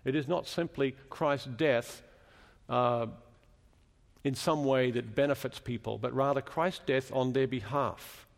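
A man's voice: mid-range voice, steady tone, a little slow, gravelly, long reverb tail. A man preaching a sermon in a chapel, explaining scripture and asking the congregation questions as he teaches.

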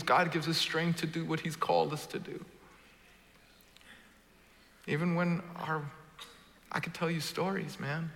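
A man preaching a sermon, jumping from booming, joking lines to hushed, quiet ones as he works the crowd. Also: background noise. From Brooklyn. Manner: animated, swings from booming to hushed, jokes with the crowd. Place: church auditorium. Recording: large reverberant hall.

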